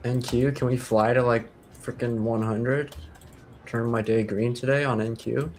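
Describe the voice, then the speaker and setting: A man streaming live day trading, calling out orders and reacting excitedly to price moves, often swearing. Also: mid-range voice, a little slow, a little hiss or hum. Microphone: headset over voice chat.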